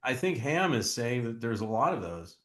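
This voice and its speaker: A man's voice: medium pitch, sing-song, echoey room, background noise. A man co-hosting a true crime podcast, talking casually and earnestly, often restarting his words, as he reads viewer comments. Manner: earnest, halting, repeats words. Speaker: podcast co-host. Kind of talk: casual chat reacting to comments.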